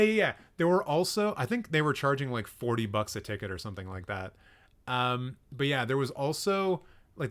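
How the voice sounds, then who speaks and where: A man's voice: mid-range voice, fairly bright tone. A young man hosting casual reaction commentary, joking sarcastically and swearing now and then as he reacts to clips. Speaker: film commentary host.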